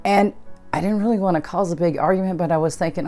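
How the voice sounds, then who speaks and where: A woman's voice: fairly low pitch, quick pace, warm tone, faint music behind. A woman host telling a personal story in a conversational way, recounting events and acting out what people said. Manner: conversational, retells events with quoted dialogue. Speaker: channel host.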